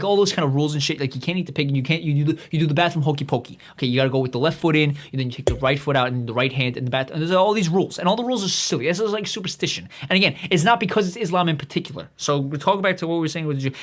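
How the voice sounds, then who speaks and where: A man hosting a comedy podcast, rambling through a profane monologue with many restarts. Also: fairly high pitch. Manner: acts out quoted voices in his own voice. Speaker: podcast host.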